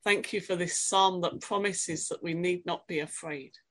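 A woman preaching a sermon, reflective and questioning, reading scripture in a quiet, dramatic voice. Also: fairly low pitch, fairly even intonation, moderate pace.

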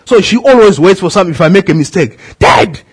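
A middle-aged man, a pastor preaching a sermon, calling out questions to the congregation with a husky voice. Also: lively intonation, fast talker. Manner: preaching with swooping pitch, calls to the congregation.

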